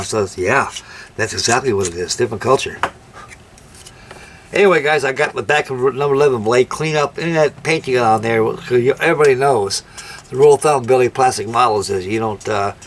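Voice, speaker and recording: Older man, model builder, folksy rambling talk, mid-pitched, faint background hiss. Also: fairly quick. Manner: rambling, folksy anecdotes with ungrammatical turns. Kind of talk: casual workshop chat and storytelling.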